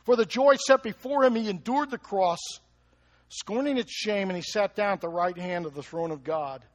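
A man preaching a lively sermon, who keeps asking the congregation questions and chuckles between points. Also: high voice, moderate pace. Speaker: pastor.

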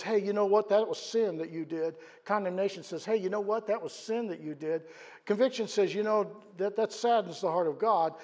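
A man preaching a sermon in a church, earnest, rising to loud emphatic peaks and then dropping low. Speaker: pastor. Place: church sanctuary. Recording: long hall reverb.

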